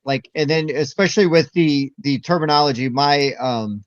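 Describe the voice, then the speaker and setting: A man's voice: fairly high pitch, normal speed, no echo. A man co-hosting a casual board game chat over a video call, talking in a rambling, enthusiastic way with lots of fillers. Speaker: co-host. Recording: dull lo-fi video call audio.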